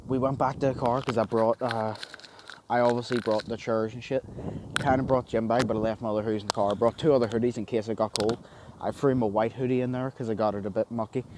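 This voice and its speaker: A man's voice: fairly low pitch, noisy background. A man hosting a vlog, talking casually to camera outdoors in a forest before dawn and swearing freely. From United Kingdom. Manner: swears freely, rambling and matter-of-fact. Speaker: vlogger host.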